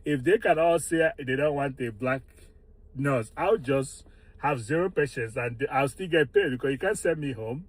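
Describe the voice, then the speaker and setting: Brief: resigned male nurse, wry, mid-pitched. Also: normal speed, no echo.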